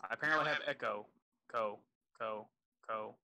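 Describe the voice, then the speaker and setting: A man's voice: fairly low pitch, moderate pace, bright, forceful tone, poor audio. A man with a Southern US accent, joking easily as a guest analyst on a voice call. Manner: joking, easygoing. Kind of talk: casual chat over voice call.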